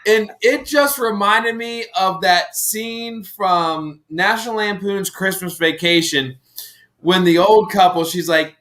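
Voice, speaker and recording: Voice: mid-range voice, takes it slowly, a bit bright. A co-host in a casual live-stream chat, giggling through stories.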